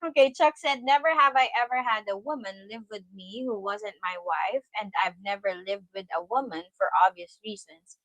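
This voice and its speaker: A woman's voice: mid-range voice, fairly quick, few pauses, a bit bright, no room sound, low-quality recording. A woman from the Philippines co-hosting a casual livestream, playful and chiming in with short remarks. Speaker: livestream co-host.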